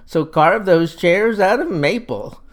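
A man's voice: high-pitched, expressive, slow. A man voicing a rambling, drunken older man who is oddly pedantic about wood. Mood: woozy.

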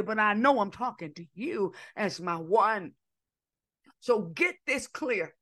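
A woman preaching an impassioned sermon, swinging between shouting and hushed asides. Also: mid-range voice, lively intonation, a little slow.

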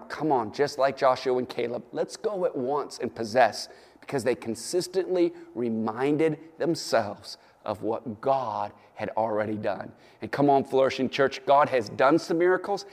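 Preaching online from a church or studio, a pastor rouses his congregation, spurring them on again and again with "come on." His mid-range male voice trails off in long reverb.

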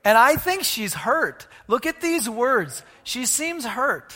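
A man preaching a sermon, animated, asking the congregation questions and moving between loud and hushed delivery. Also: very high-pitched, takes it slowly, few pauses, in a large hall. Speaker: pastor.

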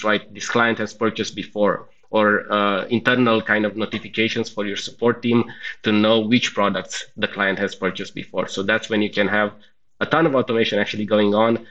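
A man answering as a guest on a podcast, explaining things step by step, often checking in with "right?" and pausing on "uh". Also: on the low side, fairly bright tone, highs cut off. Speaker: podcast guest, customer success executive. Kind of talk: conversational interview answers.

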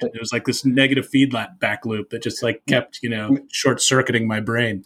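A man, a birding tour leader, telling an old story in casual chat, animated and repeating himself with lots of filler phrases. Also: mid-range voice, moderate pace, slightly rough.

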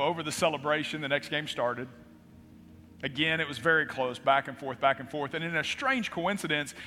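Bright-voiced pastor telling a story. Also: male voice, a little high. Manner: dramatic storytelling preacher. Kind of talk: sermon. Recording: reverberant hall with faint music.

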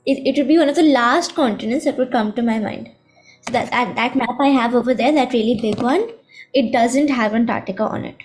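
Teen girl guest, high voice, thoughtful and a bit hesitant, soft music behind. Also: a little fast. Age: teens. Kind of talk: casual chat.

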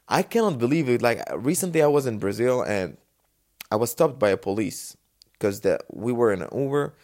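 Man from Dubai, solo podcast host, casual animated storyteller, gravelly voice. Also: medium pitch. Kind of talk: unscripted solo podcast talk.

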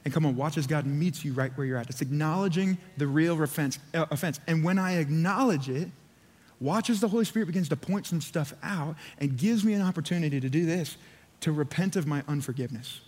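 Male pastor, fervent preaching, slightly high voice, long church-hall echo. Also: fairly quick, darkish tone. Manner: fervent, urging, repeats phrases. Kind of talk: sermon. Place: church auditorium.

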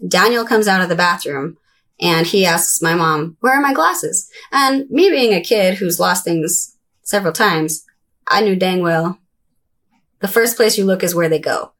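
A young adult woman recounting her childhood in a conversational interview, breaking into high, childlike voices when she quotes people. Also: a little slow, a bit bright. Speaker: interview guest. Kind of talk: candid personal storytelling.

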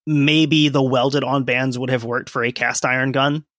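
A man's voice: mid-range voice, steady tone, moderate pace, fairly bright tone, no room sound, studio quality. A man co-hosting a casual history podcast, explaining events and reading from sources with offhand asides. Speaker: podcast co-host.

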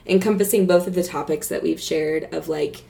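A woman's voice: sits low, fairly even intonation, normal speed, gravelly, mellow. A woman hosting a podcast who talks casually, giggles often, and steers the chat toward its wrap-up. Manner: giggly, wraps up the talk. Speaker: podcast host. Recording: voice from farther off the mic.

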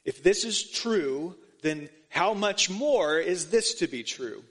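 A man's voice: sits high, animated, slow pace. A man preaching a sermon earnestly, often restarting phrases as he explains scripture. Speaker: pastor. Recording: long hall reverb.

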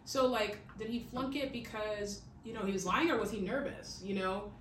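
Her medium-pitched voice moves at a normal speed while she hosts a podcast and chats through a true-crime story, full of "like" and "okay?". Faint hiss, a far-off mic, and an echoey room color the audio.

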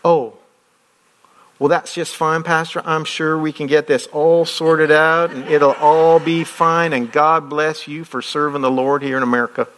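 A man voicing a sweet-talking woman with a Southern US accent on the phone, gushing and drawn-out. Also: deep voice, flat delivery, a little hiss or hum. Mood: sugary.

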